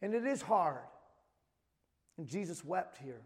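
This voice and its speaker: A man's voice: fairly high pitch, big pitch swings, unhurried. A man in his thirties preaching a sermon with emphatic delivery, reading scripture aloud in between. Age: 30s. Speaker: pastor. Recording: long hall reverb.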